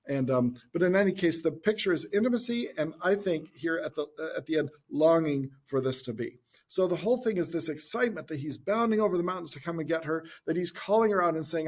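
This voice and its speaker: A man giving an informal Bible teaching talk in a gentle, reflective way, thinking aloud as he goes. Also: a little high, a little fast.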